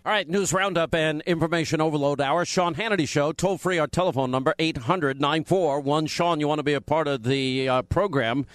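Male talk radio host, bantering, combative, slightly high voice, dry studio sound. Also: no room sound. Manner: bantering, combative, quick-witted.

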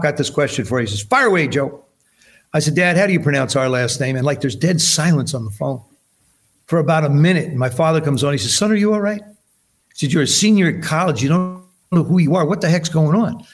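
A man in his seventies from New Jersey, a podcast guest telling stories in casual chat and acting out the voices in them. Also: mid-range voice. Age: 70s. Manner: animated storyteller acting out quoted dialogue.

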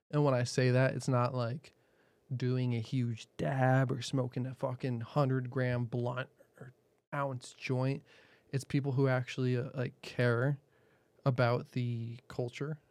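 A man's voice: mid-range voice, darkish tone, dry recording. A man who hosts a podcast, answering interview questions in a blunt, profane, laid-back way and laughing often. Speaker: podcast host.

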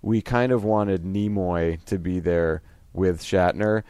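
A man, a guest comedy writer, chatting casually and telling animated stories with quick laughs, acting out quotes. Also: deep voice, smooth, no room sound. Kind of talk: casual chat.

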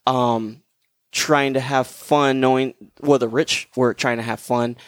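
A man co-hosting a podcast talks slowly in a mid-range voice with fairly even intonation. It's a casual, rambling chat loaded with fillers, captured as clean studio sound without any room sound.

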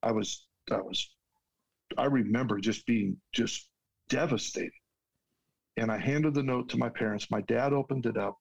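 Man, mid-pitched, guest sharing a heartfelt personal story, earnest, restarts now and then. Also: normal speed, creaky, long pauses, husky, poor audio. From United States.

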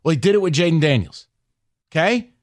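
A male sports talk radio host defending his pick, sarcastic and combative. His voice sits a little high and leaps around in pitch. The studio sound is dry and close. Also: fairly quick, dry recording. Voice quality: sarcastic, animated, argumentative.

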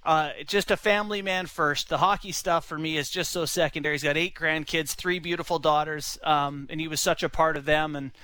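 Rambling young man, high bright voice, casual anecdote. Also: steady tone, a little fast, hardly any pauses, clean tone, low-quality recording. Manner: rambling, lots of "you know" and "like". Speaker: son-in-law telling a story. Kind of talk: casual storytelling.

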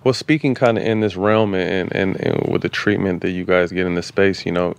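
A man's voice: sits low, fairly even intonation, brisk, gravelly, clear, resonant tone. A man hosting an interview, laid-back, with lots of affirming murmurs and follow-up questions. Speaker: host.

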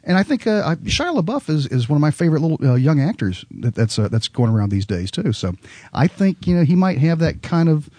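A man's voice: a little high, big pitch swings, fairly quick, warm tone, no room sound. A man talking in a casual podcast chat, with dry wit and hesitant fillers as he thinks aloud.

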